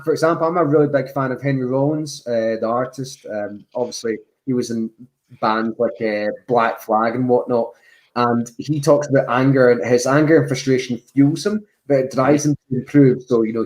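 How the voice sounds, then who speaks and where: A man's voice: mid-range voice, darkish tone. Thoughtful man, podcast guest. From Scotland. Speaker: podcast guest, jiu-jitsu black belt. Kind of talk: reflective casual chat.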